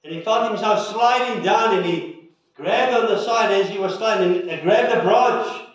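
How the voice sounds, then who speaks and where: A male pastor giving an earnest sermon and prayer with measured pauses, recorded in a church sanctuary. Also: sits high. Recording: echoey church from a distance.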